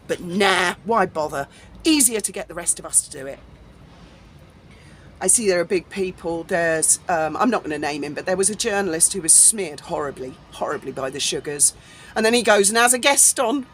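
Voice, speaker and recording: A woman's voice: on the high side, a little hiss or hum. Ranting, sarcastic woman vlogger. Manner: sarcastic, swearing, indignant. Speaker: YouTube commentator. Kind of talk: angry ranting vlog.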